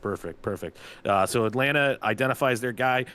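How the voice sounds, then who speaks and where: A man's voice: medium pitch, fairly quick, over a noisy crowd. A man, a team general manager, casually announcing draft picks with a chatty, loose manner and lots of filler words. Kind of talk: casual live draft commentary.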